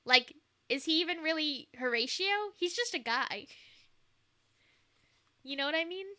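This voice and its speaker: A woman's voice: sits high, expressive, a little slow, pushed and bright. A woman streaming a game, reading it aloud and chatting in a playful manner. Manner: playful, laughs easily. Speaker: streamer reading a visual novel.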